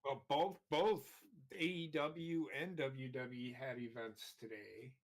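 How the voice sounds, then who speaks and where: A man's voice: medium pitch, steady tone, slow pace. A man chatting casually with friends while gaming, blunt and grumbling, swearing a lot. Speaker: show regular, wrestling fan.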